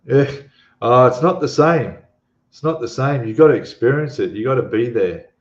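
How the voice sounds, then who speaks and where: Here the Australian live streamer sounds mid-range and animated, talking at a normal speed as he reads comments and chats with viewers. He rambles, filling gaps and restarting often, while the sound is dull, lo-fi, and echoey.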